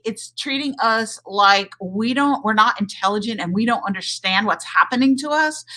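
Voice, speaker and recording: A woman doctor and hormone coach from the United States, talking casually on a livestream in an animated, indignant way and reading viewer comments aloud. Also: sits high.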